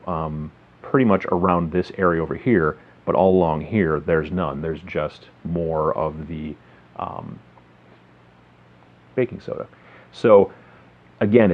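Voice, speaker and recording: A man hosting a casual tabletop hobby tutorial, explaining in a rambling, friendly way full of fillers. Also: sits low. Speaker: miniature hobby video host. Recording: slightly dull lo-fi sound.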